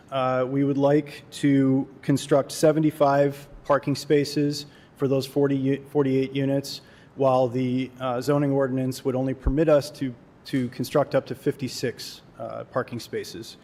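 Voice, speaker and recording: A man's voice: medium pitch, a little mellow. Man presenting at a zoning hearing. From Kalamazoo, Michigan. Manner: formal, frequent "uh" fillers. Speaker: developer applicant. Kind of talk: public hearing testimony.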